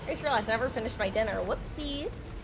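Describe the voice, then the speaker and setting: A woman's voice: on the high side, very fast, music in the background. A woman streaming a video game, chatting casually in a goofy, rambling way, sometimes talking while she eats, with stuffy allergies. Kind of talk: casual gaming stream chat.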